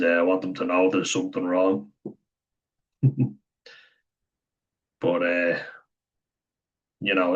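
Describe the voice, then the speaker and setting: Young man for a personal vlog: deep, flat delivery, frequent swearing and laughter, dull lo-fi recording. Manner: swears freely, laughs often, acts out quotes. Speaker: vlogger. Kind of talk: candid personal talk to camera.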